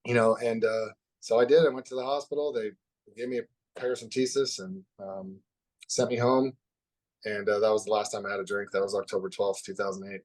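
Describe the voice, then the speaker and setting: Guy on a podcast telling his story, open and honest, gets real quiet on the heavy bits. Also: lowish voice, fairly even intonation, brisk. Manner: open, reflective, drops soft at heavy moments. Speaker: podcast guest. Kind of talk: candid conversational storytelling.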